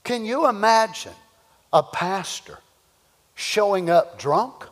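Fervent preacher, high and lively. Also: male voice, takes it slowly. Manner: fervent, folksy, rising to shouts. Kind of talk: sermon. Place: church. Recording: echoey church hall.

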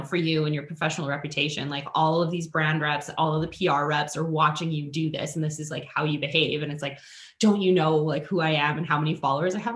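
Animated woman storyteller, roomy sound. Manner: animated, acts out quoted people with big pitch jumps. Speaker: guest, influencer and author. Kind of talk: casual podcast storytelling. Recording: roomy echoing room.

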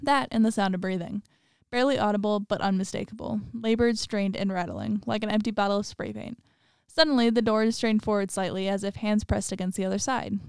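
A woman's voice: medium pitch, fairly quick, creaky, hardly any pauses, darkish tone, clear, resonant tone, no echo, studio quality. A woman reading a horror story aloud, breaking off for chatty, laughing asides. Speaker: story reader.

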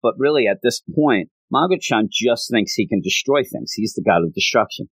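A man's voice: fairly low pitch, lively intonation, moderate pace, few pauses, a bit bright, husky, no room sound, poor audio. A man casually recapping a story in a rambling, amused way with many asides. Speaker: anime reviewer.

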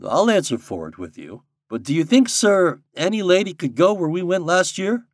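A man's voice: sits high, very animated, normal speed, no room sound, clean studio sound, voice pushed up. A man voicing a proud, earnest young guide who speaks respectfully.

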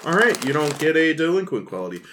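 A man's voice: fairly high pitch, a little hiss or hum. Laid-back man running a tabletop game. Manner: relaxed, halting, full of fillers and laughs. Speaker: game master.

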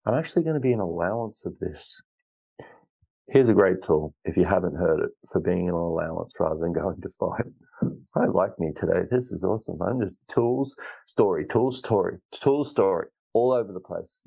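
A man's voice: sits low, expressive, moderate pace, vocal fry, warm tone, husky, low-quality recording. A man hosting a solo self-help podcast, talking in an earnest, rambling way with frequent restarts. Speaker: podcast host. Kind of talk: reflective solo podcast talk.

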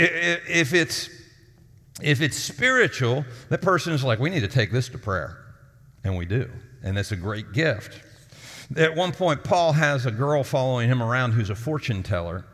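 This lead pastor's sermon unfolds like a conversation, with stories where he voices the characters himself. He speaks a little high, with a slightly bright tone. The sound carries a long hall reverb.

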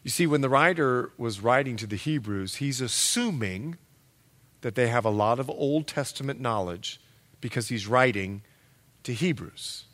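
A male pastor preaching a sermon, telling stories with lively acted-out quotes and emphatic, loud peaks. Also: mid-range voice, moderate pace. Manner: animated storytelling with acted-out quotes.

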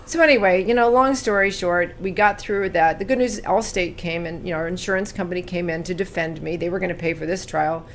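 A woman in her sixties from California recounts her past as an interview guest. Her low voice has a gravelly edge, and she turns earnest and lively in the telling, then goes quiet on the painful parts. A faint noise sits under the recording. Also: brisk. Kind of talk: personal storytelling in an interview.

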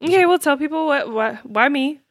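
A woman's voice: high-pitched, lively intonation, fairly quick, no room sound, studio quality. A woman co-hosting a podcast in casual chat, playful and teasing. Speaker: podcast co-host.

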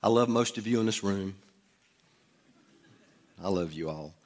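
In a church sanctuary with long hall reverb, a middle-aged pastor delivers a storytelling sermon. His voice is fairly low, unhurried, and darkish as he shares a personal story conversationally, with asides to the congregation.

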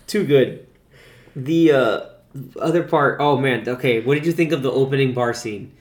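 A man hosting a casual film podcast, excitedly retelling scenes to his friends. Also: medium pitch, normal speed, echoey room. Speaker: podcast host.

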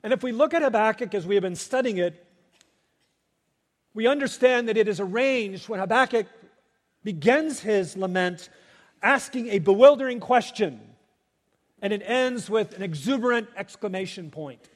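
A man's voice: high voice, animated, normal speed. A male pastor preaching a Sunday sermon, emphatic and swelling in volume at key phrases. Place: church sanctuary. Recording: long reverb of a church sanctuary.

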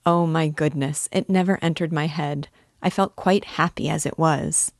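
A lonely, wistful young man who speaks earnestly and a little hesitantly, as a woman reads his lines. Her voice is low and even, with a dry, close sound. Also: normal speed, no room sound. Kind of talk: audiobook character reading.

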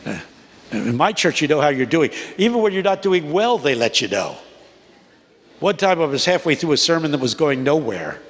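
Lively eighty-year-old preacher in a church hall. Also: male voice, normal speed. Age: 80s. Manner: rhythmic preaching cadence, rising to high emphatic peaks. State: unwell. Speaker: guest preacher. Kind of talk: sermon with storytelling. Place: large church. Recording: long reverb of a large church.

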